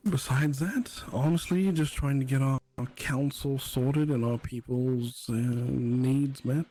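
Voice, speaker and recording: A man speaking in character during a live roleplay, measured and dry. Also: medium pitch, steady tone, warm tone.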